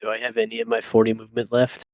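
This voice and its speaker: A man at a tabletop game plainly asks the game master about his surroundings and movement. His voice sits at an everyday middle pitch. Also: big pitch swings, rapid-fire, gravelly, a little mellow, no room sound. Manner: plain, asks rule questions. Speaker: player. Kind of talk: casual chat at a tabletop game.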